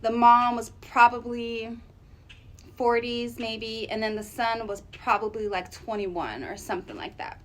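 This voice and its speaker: A woman telling a casual storytime on her vlog, chatty and animated with lots of fillers. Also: on the high side, unhurried, slight background noise, low-quality recording. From Arizona, USA. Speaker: vlogger.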